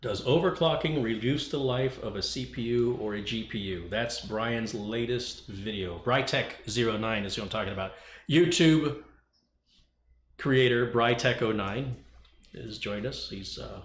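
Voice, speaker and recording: A man's voice: medium pitch, unhurried. A man hosting a casual livestream, reading viewer chat and joking with the people in it. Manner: joking, teasing, chatty. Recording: echoey room, faint noise.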